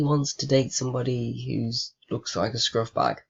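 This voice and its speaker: A man's voice: mid-range voice, normal speed, gravelly, hardly any pauses, a bit bright, breathy edge, muffled recording. A young man with a sarcastic, swearing manner, chatting with a chatbot and reading his typed questions aloud. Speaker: vlogger. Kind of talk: casual chat with a chatbot.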